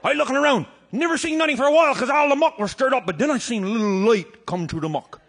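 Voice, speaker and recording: Rowdy, high-pitched Newfoundland storyteller. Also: male voice, animated, fast talker, breathy edge. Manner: rollicking, shouting and laughing through a yarn. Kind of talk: comic tall-tale monologue on a live album.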